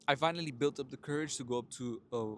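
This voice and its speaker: A man's voice: mid-range voice, fast, slight background noise. A young man telling his own story in a casual motivational monologue, blunt and profane, calling his listeners brothers and laughing often. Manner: animated storytelling with frequent laughs. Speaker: self-help vlogger.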